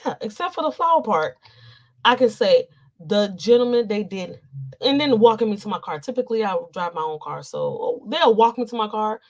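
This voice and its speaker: Over lo-fi sound, a woman with a medium-pitched, expressive voice talks fairly quickly. She's a commentary vlogger giving a casual, loud rant full of cursing and exasperation.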